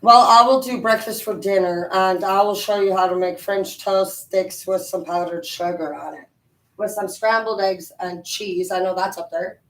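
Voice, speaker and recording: Profane, animated woman vlogging from across a room. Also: medium pitch, normal speed, echoey room, recorded from a distance, low-quality recording. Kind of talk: casual rambling chat while cleaning.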